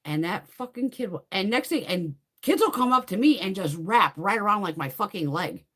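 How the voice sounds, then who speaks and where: Lively, foul-mouthed woman livestreamer. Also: medium pitch, normal speed. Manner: blunt, heavily profane, animated storyteller. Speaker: beauty livestream host. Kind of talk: casual live chat while doing makeup.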